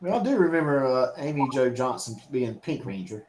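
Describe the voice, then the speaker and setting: A man's voice: mid-range voice, big pitch swings, fairly quick, a little mellow, roomy sound, slight background noise, poor audio. A man hosting a casual talk show, speaking in an easygoing, rambling way with many fillers. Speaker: podcast host. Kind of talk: casual chat.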